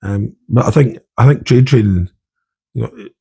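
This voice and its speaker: Brief: middle-aged Scottish army veteran, dark husky tone, rambling candid talk. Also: male voice, mid-range voice, normal speed. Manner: rambling, with many restarts and "you know". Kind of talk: candid podcast conversation.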